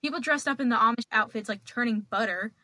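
Bright high-voiced young woman telling a story. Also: fast talker, no room sound, poor audio. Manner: profane, laughing, animated storyteller. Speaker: podcast guest. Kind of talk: casual storytelling chat.

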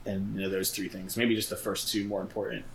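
A man's voice: fairly low pitch, quick pace, slight background noise, poor audio. A man co-hosting a podcast, telling stories in casual, profane chat and acting out the voices of the people he quotes. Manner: animated storyteller, acts out quoted voices. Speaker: podcast co-host.

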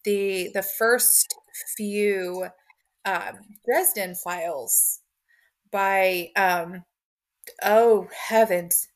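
A woman's voice: mid-range voice, steady tone, drawn-out words. A woman hosting a podcast, chatting casually in a rambling way with many fillers. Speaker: podcast host. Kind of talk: casual conversation.

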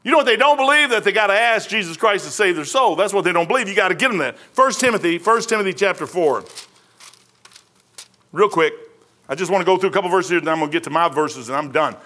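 A man preaching a sermon from the pulpit. His voice sits high and sounds bright and forward. He talks in a folksy, conversational way, full of slang and quick asides. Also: animated. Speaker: pastor.

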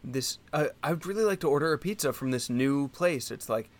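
A man chatting on a loose comedy podcast. He rambles with plenty of filler words and restarts. His voice sits at an ordinary male pitch. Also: expressive, brisk. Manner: rambling, full of likes and restarts. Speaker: podcast co-host and quiz contestant. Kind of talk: casual comedy podcast chat.

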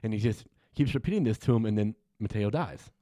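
A man's voice: fairly low pitch, animated, a little fast, warm tone, no room sound, clean studio sound. A man in casual chat, recapping a film scene by scene, quoting the characters and swearing freely. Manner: retells scenes with quoted dialogue, swears freely.

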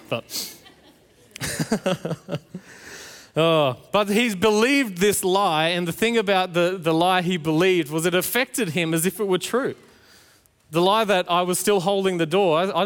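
High-voiced pastor in a reverberant hall. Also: male voice, fairly bright tone. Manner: storytelling with playful acted-out quotes. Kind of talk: sermon.

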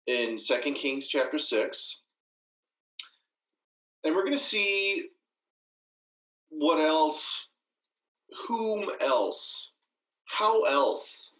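A man leading an informal Bible study, reading scripture aloud and commenting in a chatty, animated way, often correcting himself. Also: a little high, rough recording.

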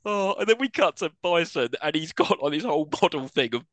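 Bright, lively man co-hosting a podcast. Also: a little high, a little fast, no room sound. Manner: recaps the plot with laughing asides. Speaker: podcast co-host. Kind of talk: casual film-review chat.

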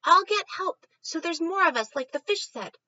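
A woman voicing a small, anxious male rat with a high, squeaky voice in a storybook read-aloud. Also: animated, moderate pace, pushed and bright, no room sound, dull audio, full character voice. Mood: urgent.

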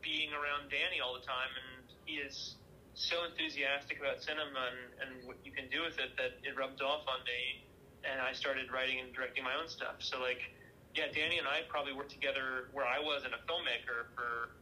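Chatty self-deprecating man, bright voice. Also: mid-range voice, fairly even intonation, slight background noise, low-quality recording. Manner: chatty, self-deprecating storyteller, quick to laugh. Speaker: film director and producer, guest. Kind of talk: casual interview chat.

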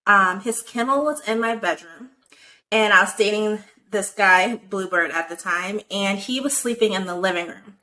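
Bright-voiced young woman telling a story. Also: medium pitch, low-quality recording. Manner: animated, profane, many "like" fillers. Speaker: guest telling a personal story. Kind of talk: casual storytelling chat.

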